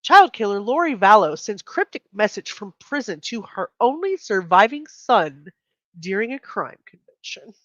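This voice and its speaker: A woman's voice: medium pitch, big pitch swings, normal speed, a bit bright, no room sound, highs cut off. A woman hosting a casual true crime livestream, chatting with viewers, laughing often and reading headlines aloud. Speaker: livestream host.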